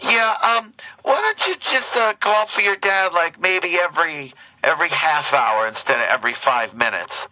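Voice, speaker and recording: A man's voice: fairly high pitch, animated, normal speed, pushed and bright, voice pushed up, rough recording. A man voicing a cranky older woman on the CB radio who scolds a kid. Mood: scolding. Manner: weary, scolding.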